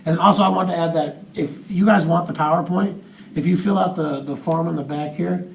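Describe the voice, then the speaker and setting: A man's voice: on the high side, a little fast, vocal fry, recorded from a distance. Hesitant man talking off-mic. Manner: rambling, hesitant, many restarts. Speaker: parent and event partner. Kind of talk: comment from the audience. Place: large room with an audience. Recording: echoey room, off-mic, faint noise.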